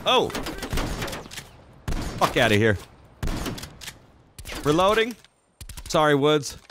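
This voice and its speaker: A young man casually commenting as he plays a video game, excitable and profane, reacting out loud to the action. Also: a little high, slow, noisy background. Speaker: gaming channel host. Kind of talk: casual let's-play commentary.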